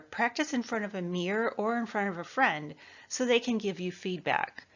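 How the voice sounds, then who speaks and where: A Midwestern American woman gives an instructional talk teaching presentation skills, coaching in a clear, measured voice that sits a little low for a woman. The recording is somewhat dull and lo-fi, though a bit bright.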